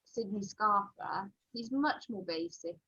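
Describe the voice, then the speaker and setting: A woman with a Welsh accent, a children's author chatting on a podcast in an animated way, full of fillers. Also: medium pitch, measured pace, husky, dry recording, highs cut off. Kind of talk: casual podcast chat.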